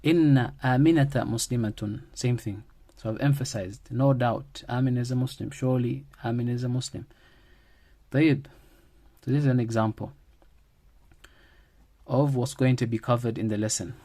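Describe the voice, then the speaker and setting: A man teaching a grammar lesson at a middle pitch. He repeats key phrases as he goes and builds each point around everyday examples, in a patient, classroom-style delivery. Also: fairly even intonation, moderate pace, pauses often, dark tone.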